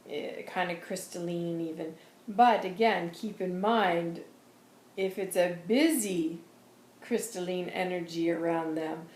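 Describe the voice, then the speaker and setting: A woman giving an intuitive reading in a chatty, earnest vlog style with quick asides. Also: lowish voice, darkish tone, slight background noise. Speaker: intuitive reader and channeler. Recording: roomy echo.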